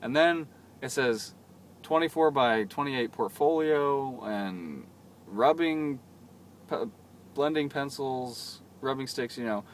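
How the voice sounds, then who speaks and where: A man's voice: mid-range voice, lively intonation, slow pace, a little hiss or hum. Rambling young man vlogging. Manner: rambling, chatty, self-deprecating storytelling. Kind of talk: casual vlog monologue. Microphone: camera mic.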